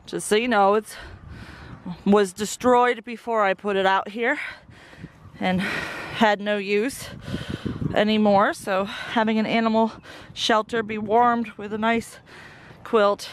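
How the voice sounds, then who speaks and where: A woman's voice: medium pitch, slow, pauses often, a little hiss or hum. Chatty Southern woman on the farm. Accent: Southern American. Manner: relaxed, chatty, coos softly to her animals. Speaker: homestead vlogger. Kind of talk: casual vlog narration while doing farm chores. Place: outdoors at a farm barn.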